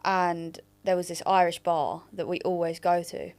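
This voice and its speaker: A woman's voice: lowish voice, normal speed, a little mellow. A young woman from England co-hosting a podcast, telling rambling stories in a casual chat. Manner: chatty, rambling storyteller. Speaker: podcast co-host.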